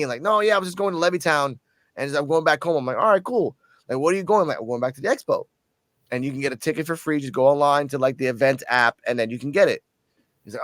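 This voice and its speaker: A man from Puerto Rico telling a story in a casual, animated vlog, cursing freely and sounding a little tipsy. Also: a little high, fast talker, no echo. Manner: profane, animated, excited storytelling. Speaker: channel host.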